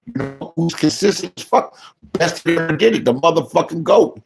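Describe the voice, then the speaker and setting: A man ranting casually as a streamer giving commentary, blunt and profane, swinging between low mutters and loud outbursts. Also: fairly quick, creaky, soft background music.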